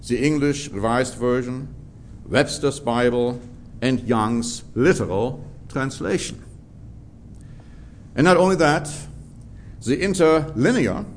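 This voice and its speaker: Slow, emphatic male preacher. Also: mid-range voice, a little hiss or hum. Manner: measured, emphatic, drawn-out stresses on key words. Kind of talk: sermon, Bible teaching.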